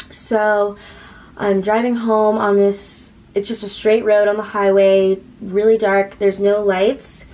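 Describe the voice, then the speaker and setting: A teenage woman vlogging a storytime, chatty and rambling, with "like" scattered through every sentence. She speaks at a mid pitch and replays conversations as quoted dialogue, one after another. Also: a little mellow, poor audio. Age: late teens. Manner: chatty, heavy use of "like", retelling with quoted dialogue. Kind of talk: casual storytime vlog.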